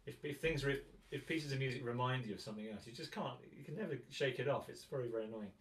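A man's voice: medium pitch, quick pace. A man teaching a guitar masterclass in a chatty way, often counting and singing rhythms aloud. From England. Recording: roomy sound, mic at a distance.

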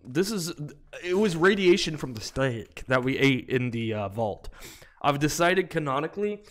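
A man's voice: fairly high pitch, animated, normal speed, fairly bright tone. A young man streaming a video game, giving rowdy, casual commentary with lots of swearing and easy laughter.

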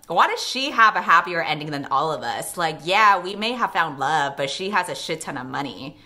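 Bright-voiced woman reading fanfiction. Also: on the low side, moderate pace. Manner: expressive, wry commentary. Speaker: YouTuber reading fanfiction aloud. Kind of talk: dramatic reading with comic asides.

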